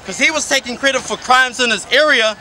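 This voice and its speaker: A man's voice: very high-pitched, brisk, bright, forceful tone, slight background noise. A young man spitting an aggressive, mocking battle rap verse outdoors by a skate park. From New Zealand. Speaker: battle rapper.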